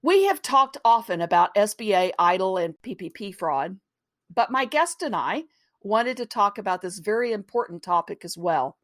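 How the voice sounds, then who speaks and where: A woman's voice: mid-range voice, lively intonation, normal speed, no room sound, studio quality. A woman hosting a podcast, talking casually with asides to listeners and easy laughs. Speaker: podcast host.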